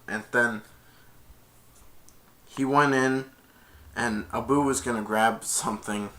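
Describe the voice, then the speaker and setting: A man's voice: mid-range voice, fairly even intonation, slow pace, long pauses, pushed and bright. A man casually retelling a film's plot, rambling and stringing events together with repeated "and then". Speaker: film reviewer.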